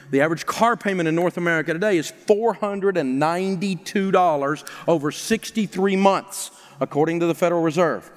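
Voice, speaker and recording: A man giving a live financial seminar to an audience, animated and mocking, firing off rhetorical questions. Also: on the high side. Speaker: financial seminar speaker and radio host. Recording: long reverb of a large hall.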